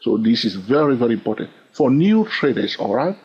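A man with a French-influenced accent teaches a trading lesson, his husky voice swinging lively up and down. He keeps checking in with his listeners and repeats his points. The recording sounds dull and lo-fi. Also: mid-range voice, fairly quick. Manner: animated, repeats "all right?" and "okay". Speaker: trading instructor.

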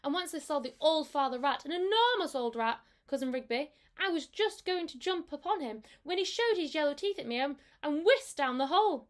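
A tearful, anxious mother cat from a storybook, as a woman puts her on, her words slow and plaintive. She sounds a little higher than the reader's own voice. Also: animated. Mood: fretful.

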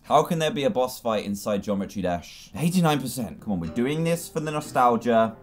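An excitable man narrates his gameplay, his voice swinging widely up and down as he exclaims and laughs. Faint game music plays quietly behind him. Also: on the high side, a little fast, few pauses. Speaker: gaming YouTuber. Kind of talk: let's-play gaming commentary.

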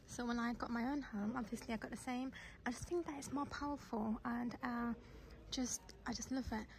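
A woman's voice: fairly high pitch, steady tone, normal speed, slight background noise. A woman vlogging in casual, rambling chat, slightly out of breath, with lots of fillers and restarts. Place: shops and home, indoors.

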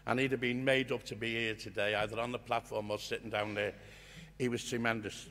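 An older man giving an impassioned storytelling speech at a union conference, earnest and swinging from hushed to loud. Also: medium pitch, level tone, fairly quick. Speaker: guest speaker at a union conference. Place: conference hall. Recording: long reverb of a conference hall.

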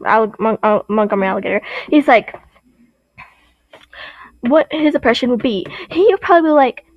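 Young woman, high voice, rambling and giggly, casual lore explanation, dull dry sound. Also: expressive, normal speed, no echo. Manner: rambling, giggly, with many restarts. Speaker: video creator.

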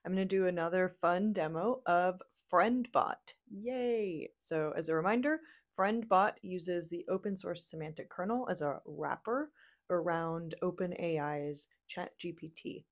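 A woman casually narrating a software demo at her computer, upbeat and chatty. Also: on the low side, measured pace. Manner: upbeat and chatty, cheering "yay".

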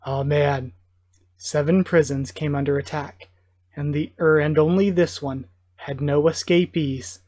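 A man's voice: fairly high pitch, fairly even intonation, unhurried, darkish tone. A man hosting a live manga reading reaction, commenting in an enthusiastic, gushing fan manner. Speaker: reaction video host.

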